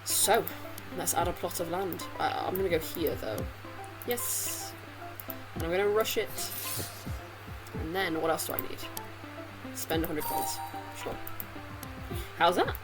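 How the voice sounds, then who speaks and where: A woman's voice: lowish voice, steady tone, moderate pace, long pauses, music in the background, poor audio. A woman playing a mobile game, reading its dialogue aloud and adding chatty, rambling asides in a casual let's-play. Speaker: gamer.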